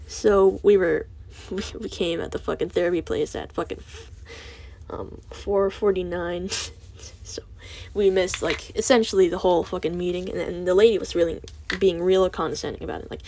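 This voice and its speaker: A woman's voice: on the low side, fairly even intonation, moderate pace, darkish tone, slight background noise. A teenage girl rambling through a monologue with lots of filler words and swearing, putting herself down as she talks. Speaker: student vlogger.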